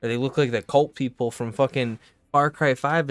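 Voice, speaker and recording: A young man streaming games, ranting casually and profanely in a rambling, animated way. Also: medium pitch, normal speed, dry recording, clean studio sound. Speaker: gaming streamer.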